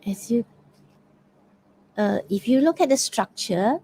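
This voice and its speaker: A woman with a Malaysian English accent leads an online poetry quiz as the teacher, praising and encouraging answers amid many fillers and hesitant restarts. Her voice is a little high and mellow, with lively intonation and a slow pace. The low-quality recording carries slight background noise.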